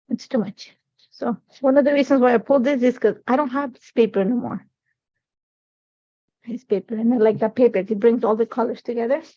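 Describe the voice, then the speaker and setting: A woman in her forties walks viewers through a live scrapbooking project in a chatty, meandering way, sprinkling "like, you know" everywhere. Her voice sits a bit high for a woman. The livestream sound is dull and lo-fi. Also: darkish tone. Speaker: craft livestream host.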